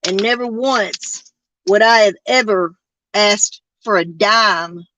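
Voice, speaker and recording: A podcast host from Arkansas speaks slowly in a mid-range voice over background noise. Her casual chat rambles and halts, full of fillers and restarts.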